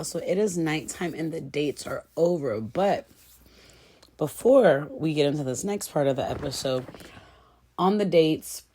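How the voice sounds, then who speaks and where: A woman chatting casually to her viewers as she recaps a reality show, lively and familiar, calling them y'all and girl. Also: low-pitched, slight background noise.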